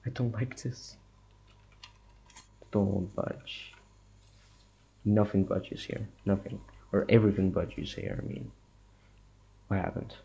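A man's voice: on the low side, normal speed, vocal fry, warm tone, lo-fi sound, a little hiss or hum. A young man giving a let's-play commentary on a horror game, muttering to himself and reacting nervously to scares. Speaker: gamer.

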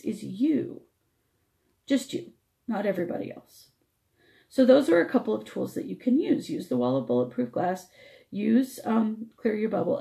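A woman's voice: mid-range voice, creaky, mellow. A woman radio host teaching spiritual energy techniques, explaining step by step while her voice struggles.

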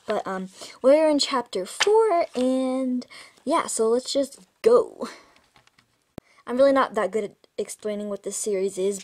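Brief: relaxed storybook reader, woman, a few stumbles, slightly high-pitched. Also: slight background noise. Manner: casual, with slips and self-corrections. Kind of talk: reading a children's chapter book aloud.

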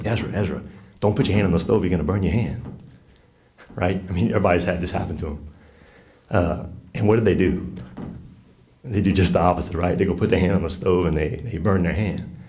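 A man with a low, deep voice and a Southern US accent leads a teaching session. He speaks in an earnest, folksy, conversational way and keeps checking in with his listeners. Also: darkish tone, slight background noise. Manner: earnest, folksy, with frequent "right?" asides. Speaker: catechist teaching a workshop on faith and marriage. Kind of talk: conversational teaching talk to a group.

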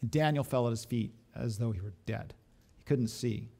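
A man preaching a sermon as a pastor, animated and full of rhetorical questions. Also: mid-range voice, normal speed, breathy edge.

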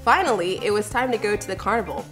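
A woman reading a children's story aloud in a playful, animated way, acting out sounds. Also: mid-range voice, quick pace. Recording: music under the voice.

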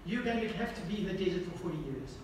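High-pitched male pastor preaching, keeps asking the congregation stuff, loud then hushed, big echoey hall, mic far off. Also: expressive, fast talker, noisy background. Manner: asks the congregation repeated questions; swings between loud emphatic lines and hushed quiet ones. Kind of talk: sermon.

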